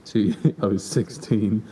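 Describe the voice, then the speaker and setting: Deadpan teenage man, dark voice. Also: slow pace, slightly rough. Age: teens. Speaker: podcast co-host. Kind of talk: casual chat. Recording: distant mic with faint rumble.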